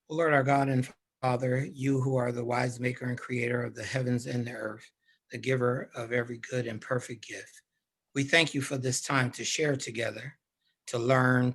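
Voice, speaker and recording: Male pastor, measured, solemn prayer delivery. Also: mid-range voice, a bit bright. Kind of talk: prayer of benediction.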